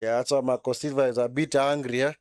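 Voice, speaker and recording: A man's voice: mid-range voice, flat delivery, fast, clean tone, no room sound, clean studio sound. A man giving casual live football commentary during a watchalong, chatty and reacting as he goes, often tagging sentences with short asides. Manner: chatty, frequent tag words like man and eh.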